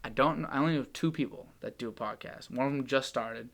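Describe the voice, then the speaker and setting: A man's voice: mid-range voice, fast, a bit bright. A young man from Massachusetts, hosting a casual podcast chat, rambling and joking, often laughing. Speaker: podcast host.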